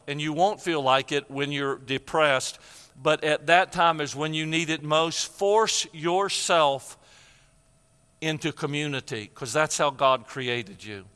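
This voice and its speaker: A man's voice: on the high side, bright, forceful tone, clear, resonant tone, in a large hall. An older man preaching a sermon, telling a personal story with emotion and repeated phrases.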